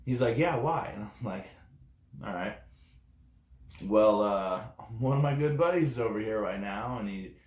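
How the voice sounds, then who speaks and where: A man's voice: lowish voice, lively intonation, measured pace, long pauses, a little mellow, echoey room. A man telling his testimonial story casually, rambling with many fillers and acting out the dialogue he quotes. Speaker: network marketing distributor.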